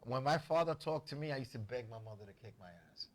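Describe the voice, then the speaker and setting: A man hosting a talk show, telling family stories in a casual, profane, animated way. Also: medium pitch, fast talker. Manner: animated, profane, acts out family members' voices. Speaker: show host. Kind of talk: casual comedic storytelling.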